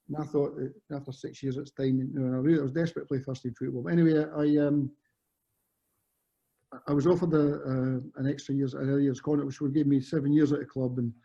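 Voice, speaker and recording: A former footballer from Scotland, in his fifties and appearing as a guest, chats casually with rambling stories that often correct themselves. His mid-range voice is gravelly and mellow with a breathy edge, on muffled lo-fi audio.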